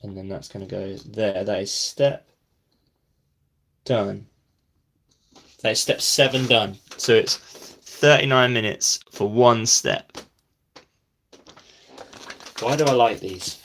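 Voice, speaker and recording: Slow, gravelly man building on camera. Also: lowish voice, a bit bright, slight background noise. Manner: self-deprecating, talks to himself while building; drops to a near whisper while concentrating. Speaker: brick-building vlogger. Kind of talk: casual build commentary.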